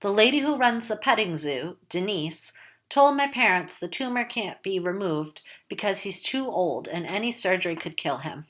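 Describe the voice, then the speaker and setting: A woman's voice: medium pitch, expressive, normal speed, a bit bright. A woman reading a first-person novel aloud in a casual, wry, conversational way. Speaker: audiobook narrator.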